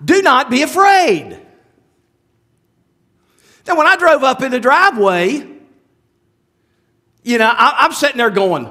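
High-voiced, lively male preacher. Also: slow, pauses often. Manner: conversational preaching with many asides and restarts; asks the listeners rhetorical questions. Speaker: pastor. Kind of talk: sermon.

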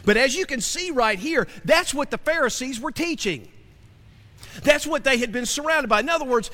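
A male pastor delivers a sermon in a church sanctuary, his voice high and bright. He repeats phrases and fires rhetorical questions at the congregation. The sound carries a long hall reverb. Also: lively intonation, a little fast. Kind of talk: sermon with opening prayer.

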